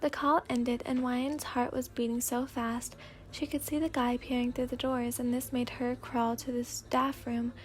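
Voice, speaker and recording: Casting: woman narrator, gentle soft ASMR fanfic reading, slightly high voice. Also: level tone, unhurried, a little hiss or hum.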